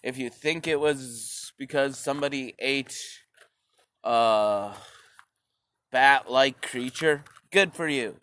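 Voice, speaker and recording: A man's voice: mid-range voice, takes it slowly, sharp tone, dry recording. A man delivering a profane, sarcastic stand-up rant, rambling and swearing often. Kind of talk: profane ranting stand-up monologue.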